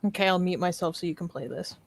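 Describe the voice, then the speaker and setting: A woman's voice: lowish voice, quick pace, creaky. A woman co-hosting a political discussion, adding brief, firm remarks. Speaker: co-host.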